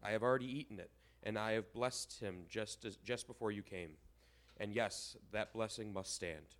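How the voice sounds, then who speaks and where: A man's voice: on the low side, moderate pace, fairly bright tone, close to an everyday voice. A man reading the lines of an old blind father who has been tricked, in a plain scripture-reading voice. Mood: dismayed. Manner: plain read-aloud delivery.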